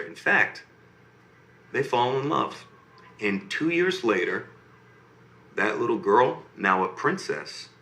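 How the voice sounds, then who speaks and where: A man telling a bedtime fairy tale to a child, animated and often checking in with "okay?" and "right?", recorded in an echoey room. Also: mid-range voice. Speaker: storyteller reading to a child. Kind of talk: bedtime story narration. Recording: roomy echo.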